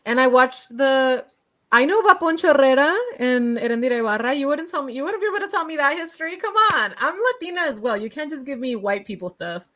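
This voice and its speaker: A woman with a voice a touch higher than most talks bluntly as co-host. She jokes and swears freely in a loose, casual chat. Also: expressive, fast, a bit bright. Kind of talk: casual chat reacting to a list.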